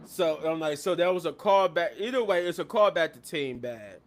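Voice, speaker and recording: A man casually recapping a wrestling show, excitable and rambling, often laughing at the action. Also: a little high, normal speed. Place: at his workplace.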